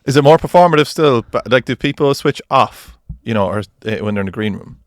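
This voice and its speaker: Fast-talking man, rambling and giggly. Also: medium pitch, expressive, no echo, studio quality. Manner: rapid, rambling, laughs a lot. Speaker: podcast co-host. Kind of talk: casual chat.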